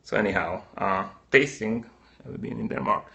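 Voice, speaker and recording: Middle-aged male streamer, Slovak-Hungarian accent, somewhat low and gravelly, casual and upbeat. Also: moderate pace, pushed and bright. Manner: chatty, answers viewer comments, upbeat. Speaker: livestream host. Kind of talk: casual live-stream chat.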